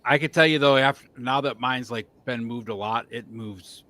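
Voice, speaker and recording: A man hosts a live stream in a loose, easygoing way, teasing his friends as they talk. His voice sits at a middling pitch. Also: moderate pace, bright, forceful tone. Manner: teasing, joking. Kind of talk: casual chat.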